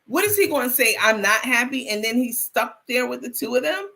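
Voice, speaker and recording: A woman's voice: on the high side, expressive, fairly quick, gravelly, fairly bright tone. A woman hosting a live stream, chatting casually and reading viewer comments aloud with frequent restarts.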